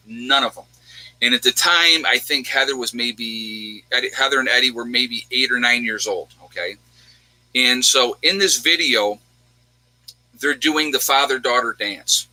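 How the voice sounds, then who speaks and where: A man's voice: mid-range voice, sharp tone, no room sound, low-quality recording. A middle-aged man, the host, telling a personal story in a rambling, emotional way, fighting back tears and laughing. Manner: rambling, repeats himself, gets teary and laughs.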